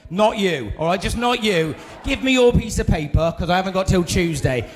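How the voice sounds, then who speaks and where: A man's voice: sits high, animated, normal speed, a little hiss or hum. A man hosting a comedy club night, bantering crudely with the crowd and hyping it up. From England. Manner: crude, teasing banter with the crowd, shouting to hype the room. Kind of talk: stand-up compering.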